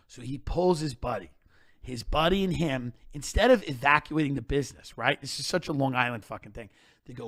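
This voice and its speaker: A man telling comedic stories on a podcast, animated and emphatic, with plenty of profanity. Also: medium pitch, brisk, no room sound, studio quality.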